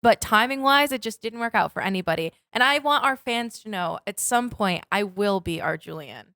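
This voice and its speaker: A woman's voice: medium pitch, expressive, normal speed, fairly bright tone, no echo, studio quality. A woman in her twenties co-hosting a podcast, chatty and full of "like". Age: 20s. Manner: chatty, uses lots of "like". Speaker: podcast co-host. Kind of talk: casual podcast chat.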